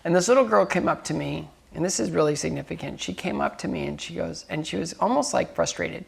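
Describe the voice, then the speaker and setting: An upbeat man with a gravelly edge to his voice, chatting as a dinner guest. He tells stories with energy, plays out both sides of conversations, and laughs easily. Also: a little high, quick pace. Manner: animated storyteller, acts out dialogue. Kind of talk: casual dinner-table conversation.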